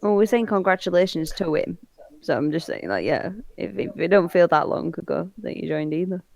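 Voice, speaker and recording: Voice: medium pitch, expressive, fairly quick, creaky. A podcast co-host, chatting and teasing in a casual conversation. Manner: chatty, teasing, laughs often. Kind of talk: casual chat.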